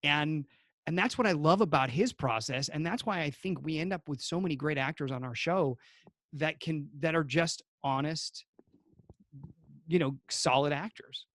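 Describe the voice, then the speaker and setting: High-voiced man, rambling chat. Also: normal speed, a bit bright, dry recording, clean studio sound. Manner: rambling, with frequent restarts. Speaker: podcast host and actor. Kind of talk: casual podcast chat.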